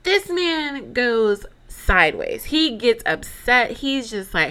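Dramatic chatty young woman, bright voice. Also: fairly high pitch, big pitch swings, takes it slowly, few pauses, smooth. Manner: chatty, dramatic, lots of fillers and asides. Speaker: podcast host. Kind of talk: casual storytelling monologue.

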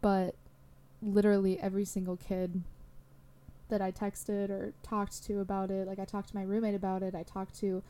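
A woman's voice: medium pitch, level tone, moderate pace, dark tone. A young adult woman hosting a solo podcast, talking candidly in a rambling way with lots of fillers. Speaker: podcast host.

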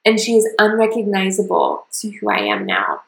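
A woman's voice: mid-range voice, big pitch swings, normal speed, gravelly, reverberant, poor audio. A woman hosting her own podcast, telling her personal story in an earnest, confessional way. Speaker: podcast host.

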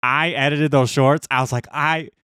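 A man's voice: medium pitch, steady tone, normal speed, bright, forceful tone, clean tone, no room sound, studio quality. A man co-hosting a casual podcast, joking in a wry, self-deprecating way. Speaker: podcast co-host. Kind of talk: casual chat.

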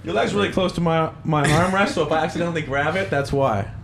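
Loud, excitable man hosting a podcast. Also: fairly high pitch, quick pace, vocal fry, a little hiss or hum. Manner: loud, excitable, swears a lot. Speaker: podcast host. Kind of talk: casual chat. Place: podcast studio.

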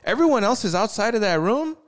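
A man's voice: sits high, big pitch swings, fast talker. A man in casual conversation who agrees often and finishes his guest's sentences.

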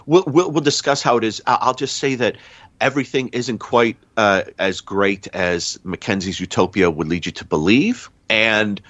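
Low-voiced man rambling through a plot recap. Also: moderate pace, a bit bright, no room sound, lo-fi sound. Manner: rambling, self-correcting storyteller. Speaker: podcast panelist.

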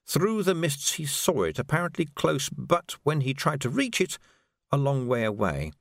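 A man narrating a novel in an expressive storytelling manner. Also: on the high side, moderate pace, creaky, no echo, clean studio sound. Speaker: audiobook narrator. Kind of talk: scripted narration.

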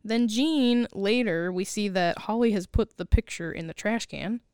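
A woman with a smooth, clear voice retells a film's story in casual chat, quoting the characters as she goes. The sound is close and dry. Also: mid-range voice, normal speed, no echo. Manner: animated storyteller, laughs often, quotes characters. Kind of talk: casual movie recap chat.

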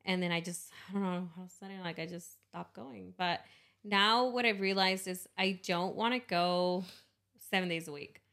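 A woman's voice: lowish voice, normal speed, a bit bright. A young woman co-hosting a casual podcast chat. She rambles, restarts her sentences and laughs easily. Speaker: podcast co-host.

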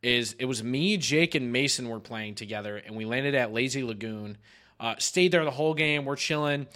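A young man in casual podcast chat, an animated storyteller who swears often and laughs mid-sentence. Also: mid-range voice, moderate pace. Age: young adult. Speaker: podcast host.

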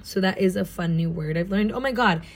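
A woman's voice: mid-range voice, a little fast. A young American woman from Southern California, studying abroad and chatting casually in a bubbly, gushing way, saying "like" a lot and sounding tired and jet-lagged. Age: young adult. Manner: bubbly and gushing, heavy use of "like". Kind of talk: casual vlog chat.

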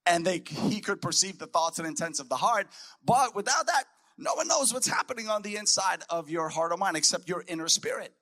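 Male preacher, bright, slightly high, emphatic delivery, conference sermon. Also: lively intonation, a little fast. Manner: emphatic, repeats key phrases. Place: conference hall.

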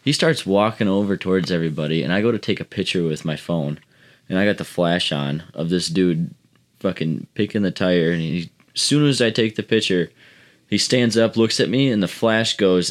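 A man with a very low voice tells a story among friends on a casual podcast. He rambles and swears freely, stacking up fillers as he goes. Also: moderate pace. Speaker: podcast co-host. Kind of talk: casual chat.

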